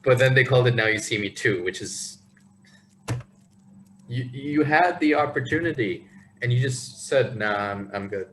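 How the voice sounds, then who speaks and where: A man co-hosting a podcast, telling rambling stories in a casual, animated way. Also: mid-range voice, moderate pace, pauses often, slight background noise, low-quality recording. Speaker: podcast co-host. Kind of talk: casual chat.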